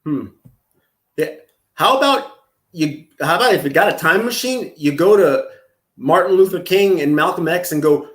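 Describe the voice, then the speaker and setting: A man's voice: fairly high pitch, expressive, moderate pace, fairly bright tone. A man hosting a profane, comedic reaction video, crude and mocking, full of scattered asides. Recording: echoey room.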